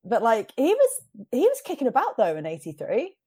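A woman's voice: fairly high pitch, huge pitch swings, a little mellow, breathy edge. A British woman co-hosting a podcast, joking and swearing in casual chat. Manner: swearing, joking, quick to laugh. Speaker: podcast co-host.

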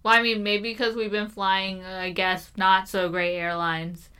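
A woman's voice: mid-range voice, level tone, normal speed, bright, forceful tone, clear, resonant tone. A young woman co-hosting a podcast in casual chat, rambling with lots of fillers and laughing often. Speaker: podcast co-host.

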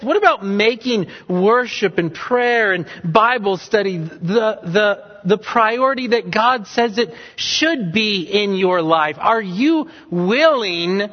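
A male pastor preaching an earnest sermon, driving points home with repeated questions. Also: sits high. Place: church sanctuary. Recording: dull sound with long hall reverb.

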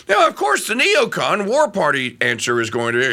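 A middle-aged man hosting a talk radio show, giving animated commentary that rambles with frequent restarts. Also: high-pitched, normal speed, creaky.

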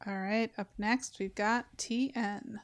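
A woman's voice: mid-range voice, steady tone, takes it slowly, very noisy. A woman co-hosting a podcast, chatting casually with candid, rambling asides and laughs. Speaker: podcast co-host. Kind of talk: casual chat.

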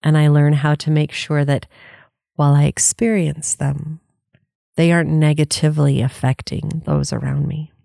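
A woman's voice: deep voice, fairly even intonation, moderate pace, gravelly, mellow, dry recording, studio quality. A woman life coach giving an earnest, candid motivational talk, laughing often and swearing casually.

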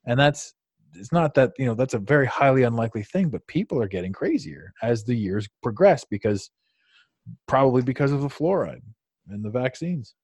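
A man's voice: mid-range voice, animated, fairly quick, a little mellow, breathy edge, no echo. A male podcast host in casual conversation who rambles, swears freely and laughs often, with frequent restarts.

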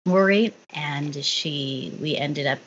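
A woman candidly recounting a personal experience in casual conversation, halting with fillers and restarts. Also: low-pitched, a bit bright. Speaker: guest sharing her story. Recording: dull lo-fi sound with faint noise.

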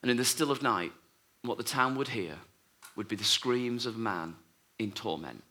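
A man preaching a sermon, telling a story and acting out the voices in it, often dropping to a hush. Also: mid-range voice, lively intonation, moderate pace.

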